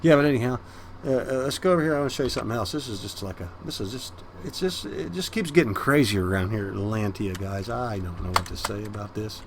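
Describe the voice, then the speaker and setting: A man's voice: lowish voice, quick pace, noisy background. A man hosting a Minecraft let's-play, rambling casually to his viewers and cooing at the cats in his base. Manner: chatty and rambling, talks to viewers as guys; baby talk and meowing at the cats. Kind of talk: casual gameplay commentary.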